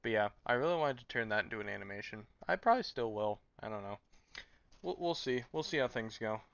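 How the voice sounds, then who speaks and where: A man's voice: lowish voice, lively intonation, fast talker, gravelly, fairly bright tone, no room sound. A sleep-deprived man streaming late at night, chatting casually and rambling with stammered restarts. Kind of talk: casual live stream chat. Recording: dull lo-fi mic.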